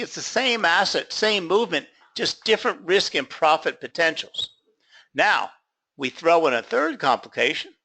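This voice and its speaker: A man teaches a trading class by telling a story and playing out both sides of a phone call. His voice sits a bit high, with a gravelly edge and a bright, forceful tone. He talks casually, with plenty of "you know.". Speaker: trading instructor. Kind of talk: class lecture told as an anecdote.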